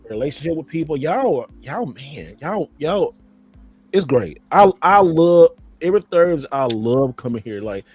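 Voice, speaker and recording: A man's voice: a little high, a little mellow. A man in casual live-stream chat, talking loosely to viewers as y'all and cussing freely. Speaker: podcast host.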